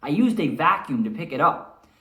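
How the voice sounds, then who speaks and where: A man voicing a flustered, anxious male groundskeeper in an urgent, excited way. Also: a little high, moderate pace, pitched above the performer's own voice. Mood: alarmed. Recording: echoey room.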